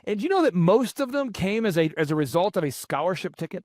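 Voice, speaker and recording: Man, 40s, podcast host, upbeat storyteller, high-pitched, dry close sound. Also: quick pace, dry recording. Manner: energetic storytelling with many fillers and restarts. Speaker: podcast host and business coach. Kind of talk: motivational business talk.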